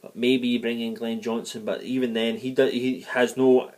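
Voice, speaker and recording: Guy doing a fired-up sweary match review vlog, rambling off topic a lot, normal pitch. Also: level tone, moderate pace, darkish tone. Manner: heated, profane, digressive rant. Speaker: football fan video reviewer. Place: living in the United States.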